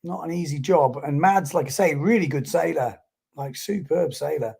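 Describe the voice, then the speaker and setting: A man's voice: fairly high pitch, normal speed, vocal fry, darkish tone, husky. A man giving chatty live commentary on a sports stream and reading out viewer comments.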